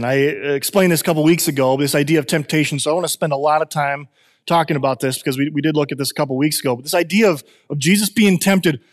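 A man in his thirties preaching a sermon, animated and conversational, often restarting and repeating his phrases. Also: on the high side, in a large hall. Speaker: pastor.

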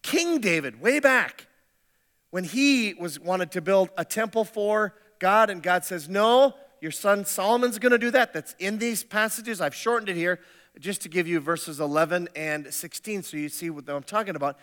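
A man's voice: high voice, moderate pace, bright, forceful tone. Man preaching in a reverberant hall. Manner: conversational, humorous, with frequent restarts. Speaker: pastor. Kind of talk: sermon.

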